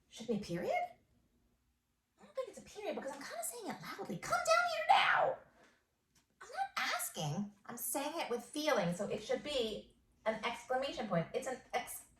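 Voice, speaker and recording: A young adult woman teaching a first grade phonics lesson, encouraging and sing-song, stretching out sentences slowly as she dictates them. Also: on the high side, a little hiss or hum. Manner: slow, drawn-out dictation of sentences. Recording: echoey room.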